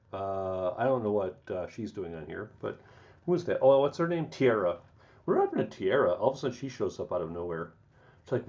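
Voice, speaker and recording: A man's voice: on the low side, huge pitch swings, moderate pace, a little mellow. A man hosting a casual live stream, rambling and chuckling as he talks to viewers by name and rants about the news. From Chicago area. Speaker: livestream host. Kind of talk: casual live chat, ranting. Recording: dull lo-fi stream audio.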